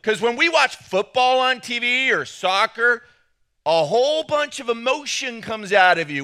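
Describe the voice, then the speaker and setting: A man's voice: very high voice, animated, measured pace, sharp tone, clean tone. A middle-aged male pastor preaching a sermon, joking and acting out the voices of the people he quotes.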